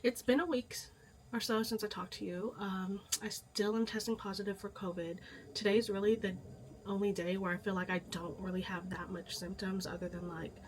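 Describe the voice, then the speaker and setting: A woman vlogging casually about books, hoarse with a stuffy nose from illness, chatty and a little dramatic about it. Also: mid-range voice, steady tone, normal speed, a little hiss or hum. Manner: chatty, self-aware dramatic. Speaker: book vlogger. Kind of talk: casual vlog chat.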